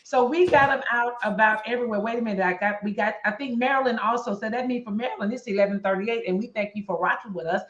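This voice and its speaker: A woman's voice: on the high side, a bit bright, echoey room, dull audio. A woman, co-hosting a casual live stream in a chatty, playful way. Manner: chatty, playful, quick to laugh.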